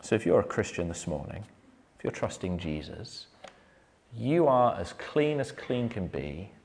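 A man preaching a sermon, earnest, building to loud emphatic points and then dropping to a soft, low close. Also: sing-song, measured pace, slight background noise.

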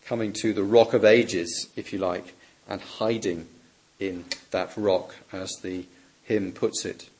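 A man preaching a sermon, measured and emphatic, lifting his voice on questions and dropping softly on key words. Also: lowish voice, fairly even intonation.

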